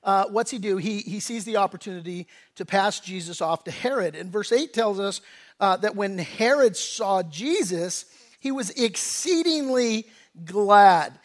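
A pastor with a high, expressive voice preaches a sermon at a measured pace. He speaks conversationally, often restarting his sentences, and acts out quoted lines in a casual voice.

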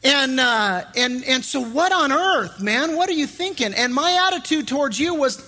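A middle-aged man preaching a sermon as pastor, in a lively conversational way with frequent restarts. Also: very high voice, normal speed, few pauses.

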